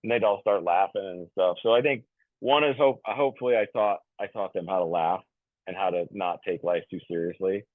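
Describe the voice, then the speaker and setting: A man's voice: low-pitched, brisk, no room sound. Man, 50s, podcast guest, rambling, jokey, lots of fillers, tinny phone-line sound, dry. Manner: rambling, heavy on fillers and restarts; jokey, self-described goofy. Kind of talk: casual conversational storytelling.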